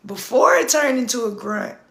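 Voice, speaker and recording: A hoarse woman speaking in a casual, intense live-stream monologue, repeating herself and swearing freely. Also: fairly high pitch. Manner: intense, repetitive, profane, swings to shouting. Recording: roomy echo.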